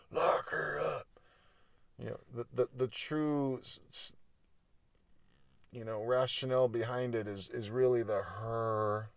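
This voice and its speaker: Dude ranting on a podcast, swears a lot, kinda dull lo-fi sound, dry. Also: male voice, mid-range voice, dry recording. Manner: profane, exasperated, rambling with laughs. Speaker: podcast host. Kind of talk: casual political rant.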